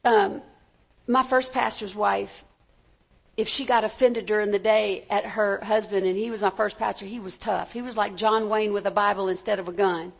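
A woman's voice: mid-range voice, fairly even intonation, moderate pace, vocal fry. A woman preacher giving a conversational sermon, stopping to ask her congregation for an amen. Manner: conversational, calls for amens from the congregation.

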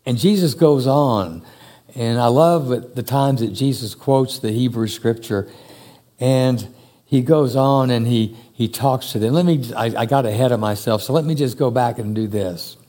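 A man preaching a sermon to a church congregation, speaking slowly and emphatically with long pauses. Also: mid-range voice, dark tone. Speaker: pastor. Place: church hall. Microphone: handheld or stand mic.

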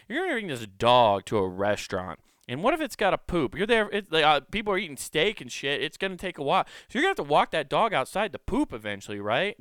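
A man's voice: on the high side, fairly bright tone, smooth, dry recording, clean studio sound. A man doing a rambling, sarcastic comedic rant as a commentator, swearing freely.

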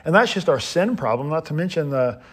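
A man, a pastor, teaching an adult class in a lively way, standing and moving about, often restarting his sentences. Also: a little high, brisk, husky. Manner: animated, paces while teaching, frequent restarts.

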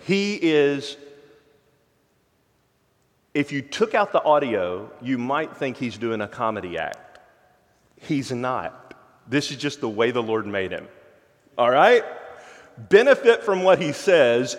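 Emphatic pastor in a reverberant hall. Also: male voice, medium pitch. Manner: emphatic, shifts between soft slow stresses and loud quick asides. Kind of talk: sermon. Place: church sanctuary. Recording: long church hall reverb.

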